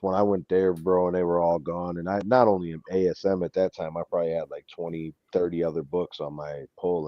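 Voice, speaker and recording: Man telling animated stories, dull mic. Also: low-pitched, dry recording. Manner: animated, swears, says "bro" a lot. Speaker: show host. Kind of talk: casual chat storytelling.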